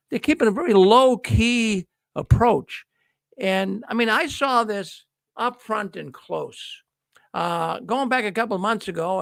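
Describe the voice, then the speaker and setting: Host: gravelly, fairly high-voiced middle-aged man, folksy storyteller, dry close mic. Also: fairly bright tone, no echo. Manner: folksy storytelling, acts out quoted dialogue. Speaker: host of a news livestream. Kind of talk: casual monologue to viewers.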